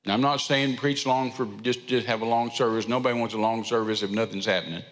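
A man's voice: mid-range voice, fairly even intonation, fast talker, fairly bright tone, big-room sound. A man, preaching an informal, rambling sermon in a church and repeating phrases for emphasis. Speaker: traveling preacher. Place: church sanctuary.

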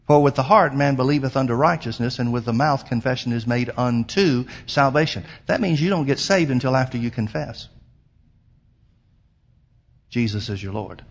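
A man preaching a sermon as pastor, emphatic, slowing down to quote scripture. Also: mid-range voice, vocal fry.

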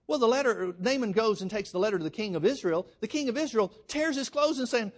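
A man's voice: sits high, expressive, fast, few pauses. A man preaching a sermon, telling a story with emphatic delivery. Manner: emphatic storytelling, addresses the congregation as folks.

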